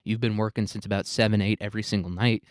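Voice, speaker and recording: A man's voice: fairly low pitch, fairly even intonation, fast, no room sound, clean studio sound, lightly acted. A man voicing a blunt bargaining wife. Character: bargaining wife of the alien programmer.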